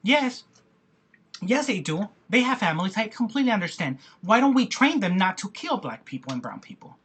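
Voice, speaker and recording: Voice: medium pitch, very animated, a little fast, a bit bright, breathy edge. A speaker giving a passionate personal video rant who talks in emphatic repetitions and frequent restarts. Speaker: video blogger.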